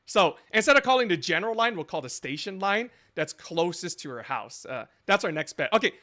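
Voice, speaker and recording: Scambaiting streamer, man, rambling live commentary, raised pitch, bright tone. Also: big pitch swings, fairly quick. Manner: rambling, thinking aloud.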